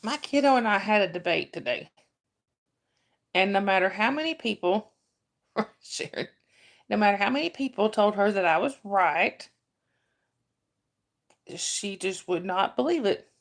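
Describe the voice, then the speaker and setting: Southern gal hosting a live chat, gravelly bit of fry in her voice, laughs a lot and says hi to folks by name. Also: medium pitch, lively intonation, unhurried, pauses often. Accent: Southern American. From Southern US, North Georgia. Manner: chatty, laughs often, greets viewers by name. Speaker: livestream host. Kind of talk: casual live-chat stream.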